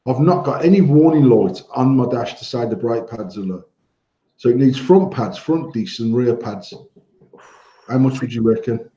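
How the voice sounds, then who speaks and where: Man, blunt sweary storyteller, mellow dark voice, echoey room, dull phone sound. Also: mid-range voice, lively intonation, moderate pace. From England. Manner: heavy swearing, blunt anecdotes. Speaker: co-host of a vaping livestream. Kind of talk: casual storytelling banter.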